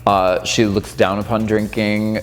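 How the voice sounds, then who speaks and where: Man, 30s, chatty and amused; low voice, reverberant room with light music. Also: level tone, a little slow. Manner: chatty, amused, lots of filler "like". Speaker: drag performer reacting to old footage. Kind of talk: casual reaction commentary.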